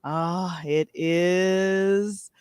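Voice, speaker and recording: Chatty woman hosting a live stream, laughs a lot, talks slow, no room echo. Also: on the low side, clean tone, clean studio sound. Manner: laughs often, chatty and excitable. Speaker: host. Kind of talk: casual live-stream chat.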